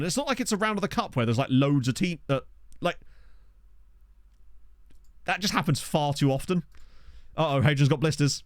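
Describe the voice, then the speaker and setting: A man giving casual, excitable let's-play commentary, chatting to his viewers from a desk mic. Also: on the high side, normal speed, long pauses, dry recording, clean studio sound. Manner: chatty, excitable, talks to chat. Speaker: game streamer. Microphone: desktop USB microphone.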